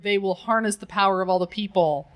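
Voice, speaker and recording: A woman's voice: medium pitch, fast talker. A woman co-hosting a podcast, riffing with giggles and casual swearing in a comedic chat. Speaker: podcast co-host.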